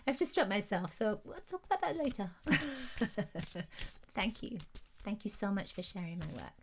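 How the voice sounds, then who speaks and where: A woman's voice: mid-range voice, expressive, moderate pace, a little hiss or hum. A woman hosting a live angel card reading, gushing and soothing, reading viewer comments aloud and at times close to tears. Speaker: intuitive card reader hosting a live stream.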